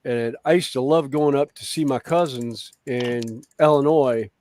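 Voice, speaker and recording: A man's voice: medium pitch, measured pace, a little mellow, slight background noise. A middle-aged man with a light Southern accent, telling stories in a laid-back casual chat. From born near Chicago, raised in the Carolinas.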